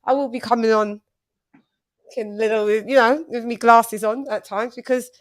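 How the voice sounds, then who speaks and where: A woman hosting a casual chat, telling lively stories and acting out what people said. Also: on the high side, moderate pace. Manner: animated, storytelling with quoted voices. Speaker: host.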